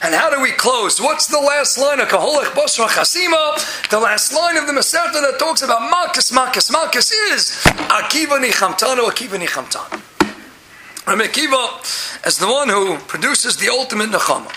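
A man giving a Talmud class in an animated way, often rising into loud emphasis. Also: very high voice, a little fast, roomy sound, noisy background. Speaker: Torah teacher.

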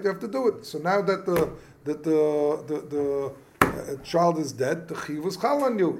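A man's voice: a little high, gravelly, noisy background. A man teaching an informal Talmud class who halts, repeats words and keeps asking rhetorical questions. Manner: mixes Yiddish-Hebrew study terms into speech.

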